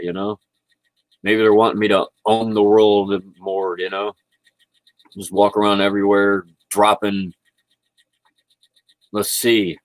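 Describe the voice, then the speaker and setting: Speaking from home into his computer, this male vlogger has a fairly low voice and drifts through a laid-back livestream chat about spirituality, laughing a lot. The audio is dry and poor.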